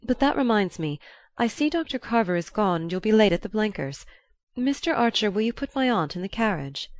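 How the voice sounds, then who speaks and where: A woman reading the part of a proud, volatile young countess, shrill and imperious in an audiobook. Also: lively intonation, a little fast, no echo, lightly acted. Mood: brisk. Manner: imperious, abrupt.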